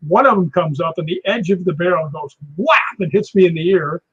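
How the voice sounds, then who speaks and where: A man, a stunt performer guest, telling lively anecdotes and acting out crashes with sound words like boom and whap, with a husky voice. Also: fairly quick. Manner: animated, acts out impacts with sound words. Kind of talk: anecdotal storytelling on a live show. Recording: dull lo-fi sound.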